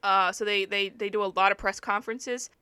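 A young woman telling a story in a casual podcast chat, with many fillers and lively asides. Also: mid-range voice, fairly quick, smooth, no echo. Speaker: podcast co-host. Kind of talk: casual true-crime chat, reading aloud.

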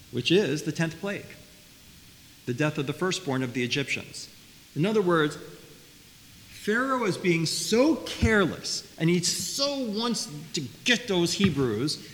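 A man teaching a Bible study class, talking in a lively way, often repeating words and asking his listeners questions. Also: fairly high pitch. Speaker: Torah teacher. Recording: faint hiss, long reverb.

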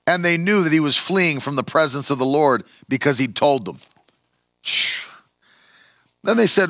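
A man preaching a sermon as a pastor, animated, acting out the voices of the people he quotes. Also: fairly high pitch, moderate pace, pauses often, dry recording, clean studio sound.

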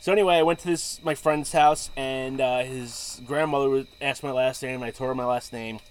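A man's voice: mid-range voice, fairly even intonation, a little fast, smooth. A man in casual chat, rambling through stories and laughing often.

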